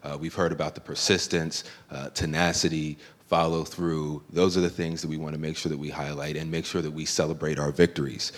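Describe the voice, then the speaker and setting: A man's voice: rumbling low, level tone, brisk, hardly any pauses. A man from a legislator's office presenting a formal recognition at a public meeting, with many filler uhs. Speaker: legislative staff representative. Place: public board meeting hall. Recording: long reverb of a meeting hall.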